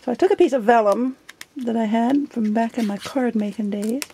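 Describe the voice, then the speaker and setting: A woman's voice: on the high side, normal speed, dark tone, husky. A middle-aged woman chatting casually while flipping through her journal, giggly and self-deprecating. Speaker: journal vlogger. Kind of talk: casual show-and-tell chat.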